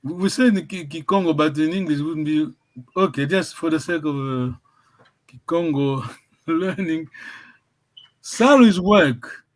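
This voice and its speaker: High-voiced encouraging male language teacher. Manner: encouraging, praises students often; halting, repeats and restarts phrases.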